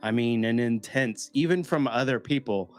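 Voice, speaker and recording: A man with a mid-range voice chats casually on a podcast, telling lively stories and slipping into other voices. He swears freely and keeps things conversational. Faint music sits underneath. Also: mid-range voice, normal speed. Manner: animated storyteller who acts out quoted voices and swears freely. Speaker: podcast host.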